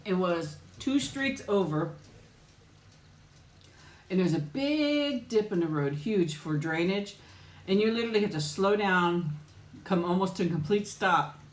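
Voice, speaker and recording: A woman chats with her viewers in a relaxed live stream, telling stories and breaking into laughter often. Her voice sits at a middle pitch. The sound is roomy, with the walls of a home room echoing back. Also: measured pace, long pauses. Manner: chatty storyteller, laughs often while talking. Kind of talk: casual live chat while eating.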